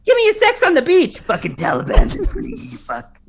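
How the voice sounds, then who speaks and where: A man putting on a lower voice to mock a furious, swearing warmonger drill-sergeant type. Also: wildly swooping pitch, quick pace, vocal fry, crowd noise, full character voice. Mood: mocking rage. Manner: mocking, exaggerated, profane.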